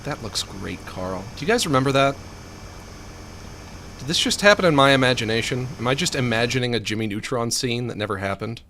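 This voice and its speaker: A man's voice: medium pitch, fast talker, bright, forceful tone, a little hiss or hum. A man rambling casually while playing a game, laughing often and muttering to himself. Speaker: streamer.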